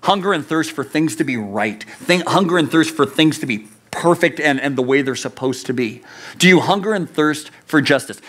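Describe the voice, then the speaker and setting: A man's voice: fairly high pitch, normal speed, fairly bright tone. A man preaching a youth sermon, earnest and conversational, asking the listeners rhetorical questions. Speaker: youth pastor.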